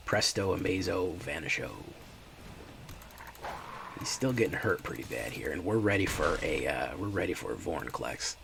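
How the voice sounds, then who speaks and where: A laid-back man streaming a card game, rambling casually to his viewers between plays. His voice sits very low with a gravelly fry. A faint hiss stays in the background. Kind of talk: casual gameplay chat.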